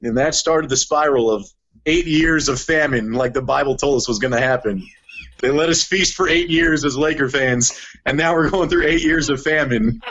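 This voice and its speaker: Animated man, dull lo-fi sound. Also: on the high side, normal speed. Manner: animated storyteller, heavy use of "like". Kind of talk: casual chat.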